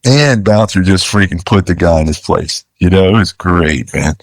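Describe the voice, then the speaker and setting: A man's voice: deep voice, normal speed. A man, a charter fishing captain, telling stories in a casual, laid-back way and acting out what people said. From Florida. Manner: laid-back, says "dude" and "you know" a lot, acts out quotes. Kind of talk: casual storytelling.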